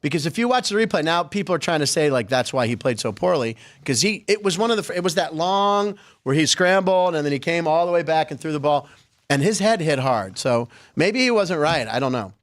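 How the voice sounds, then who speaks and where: A man's voice: on the high side, lively intonation, fairly quick. A man hosting a sports podcast, chatting casually with wry, sarcastic asides.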